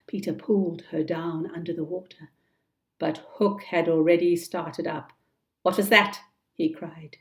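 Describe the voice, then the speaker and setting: Slow, low-voiced woman storyteller. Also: flat delivery, mellow. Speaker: storybook reader. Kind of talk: children's storybook narration.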